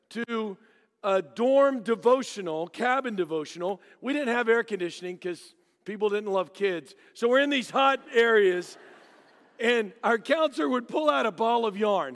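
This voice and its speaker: Middle-aged preacher, high voice, jokey storyteller, church reverb. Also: male voice. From Dallas, Texas. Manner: joking, animated storytelling with acted-out voices. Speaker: guest preacher. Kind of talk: storytelling sermon. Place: church sanctuary.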